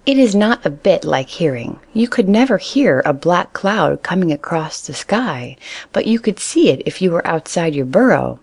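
A woman's voice: lowish voice, very animated, normal speed, darkish tone, breathy edge, no echo, exaggerated voice. A woman voicing a patient but tired mother rabbit explaining things to her child. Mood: weary.

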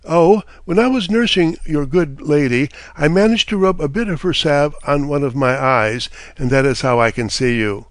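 A man's voice: fairly high pitch, normal speed, few pauses, no echo, natural voice. Brief: outspoken old storybook dame, read by a man, plain dry recording. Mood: bold. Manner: bold, outspoken. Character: bold, indignant old village dame.

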